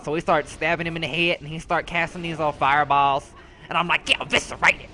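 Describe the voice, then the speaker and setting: Man playing a sassy profane rogue, brash and slangy, slightly high, bright edgy tone. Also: flat delivery, fast talker, a little hiss or hum. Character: sassy, foul-mouthed rogue gamer character. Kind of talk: comedic character commentary.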